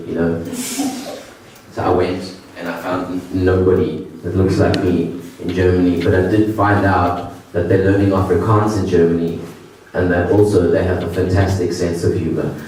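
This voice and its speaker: A man's voice: low voice, darkish tone, far from the mic, a little hiss or hum. Self-deprecating stand-up man, echoey. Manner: self-deprecating, halting restarts. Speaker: stand-up comedian. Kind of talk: stand-up comedy set. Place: comedy venue with audience. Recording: echoey room from afar.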